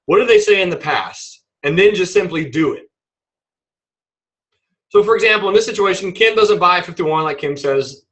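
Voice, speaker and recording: A man teaching a trading webinar in a playful, animated way, acting out examples as he explains them. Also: high voice, moderate pace, poor audio. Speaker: trading instructor.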